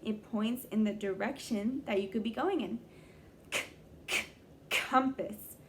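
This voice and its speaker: A young woman teaching young children a phonics lesson, sounding out letters slowly and praising them often. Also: fairly high pitch, slight background noise. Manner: slow, exaggerated sounding-out of letters; encouraging, praising. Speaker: kindergarten teacher.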